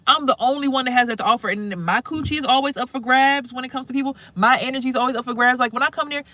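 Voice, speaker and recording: A young woman rambling casually in a spiritual vlog outdoors, animated and swearing, exclaiming at things she sees. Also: high voice, rapid-fire. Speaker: spiritual vlogger and reader. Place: outdoors near trees.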